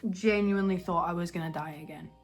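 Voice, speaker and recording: A woman's voice: on the low side, fairly even intonation, fast, faint music behind. A young woman chatting casually at home for her vlog, rambling and self-mocking as she laughs her way through a story. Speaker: vlogger.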